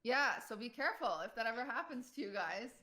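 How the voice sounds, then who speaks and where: A young woman streamer telling a personal story to her chat in a casual, animated way, full of fillers and quoted voices. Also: a little high, fast. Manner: animated retelling, quotes people, many "like" fillers.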